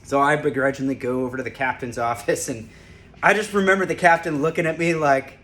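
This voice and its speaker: Speaking briskly in a mid-range, slightly bright voice, a man who used to be a corrections officer shares a lighthearted story to camera. He keeps it casual and laughs as he remembers it.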